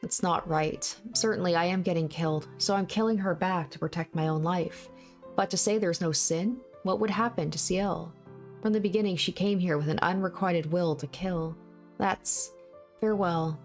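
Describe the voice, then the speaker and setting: A woman reading a visual novel aloud in the first person, in a steady, measured way. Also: on the low side. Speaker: let's play narrator.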